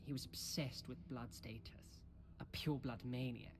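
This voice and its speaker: An actor playing a polite, refined young male student in a video game, courteous and measured. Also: mid-range voice, steady tone, background noise, natural voice.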